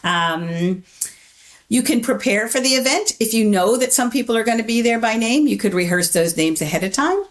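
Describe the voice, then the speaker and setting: A middle-aged woman, a memory researcher, giving measured, explanatory interview answers and laughing easily. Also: fairly high pitch, lively intonation.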